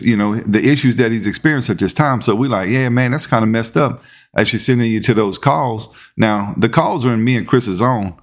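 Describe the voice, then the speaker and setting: A man, telling a story as podcast host in a relaxed, conversational way. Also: mid-range voice. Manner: laid-back, conversational, repeats words when building up. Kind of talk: casual storytelling.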